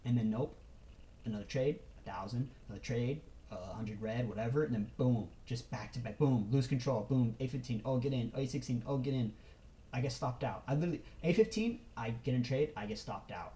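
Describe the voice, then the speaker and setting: A young man telling a casual vlog story about his own trading, talking in quick, animated bursts with slang and swearing. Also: mid-range voice, low-quality recording. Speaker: trader.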